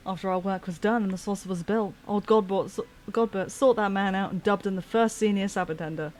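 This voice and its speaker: A woman's voice: mid-range voice, brisk, darkish tone, slight background noise, close to an everyday voice. A woman reading as a chatty reminiscing workman. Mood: fond. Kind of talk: reading game dialogue aloud.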